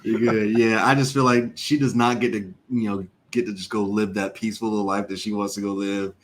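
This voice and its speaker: A man's voice: fairly low pitch, flat delivery, fairly quick, a little hiss or hum. A man guesting on a casual podcast chat, laid-back and slangy.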